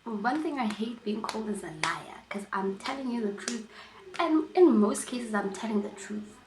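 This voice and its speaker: A woman vlogger telling a personal story in a casual storytime chat, animated and emphatic, often repeating herself. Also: fairly high pitch, normal speed, roomy sound, noisy background.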